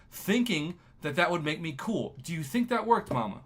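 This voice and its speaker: A man in his thirties from New Mexico, hosting a casual livestream and talking in an emotional, excitable, ranting way. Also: fairly high pitch, normal speed. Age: 30s. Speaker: livestream host.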